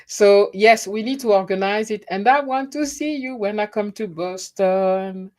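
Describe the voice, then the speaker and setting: A woman's voice: mid-range voice, measured pace, a little mellow. A middle-aged woman, chatting casually and laughing at herself on her live stream. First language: French. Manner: chatty, laughing, self-deprecating. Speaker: YouTube host.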